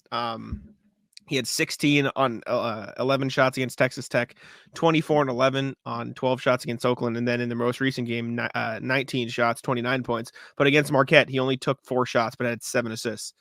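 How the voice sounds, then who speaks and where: On a casual sports podcast, a young male co-host tells stories animatedly, swearing freely and laughing often. He has a medium-pitched, gravelly voice, talks a little fast, and the recording is dry.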